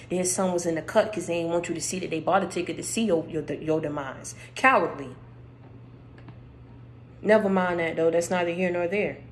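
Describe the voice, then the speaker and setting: A woman delivering a spiritual encouragement message, speaking emphatically and straight to the listener, repeating her points, with her voice going hoarse. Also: deep voice, slight background noise, poor audio. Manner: emphatic, repeats phrases, addresses listener directly. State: losing her voice.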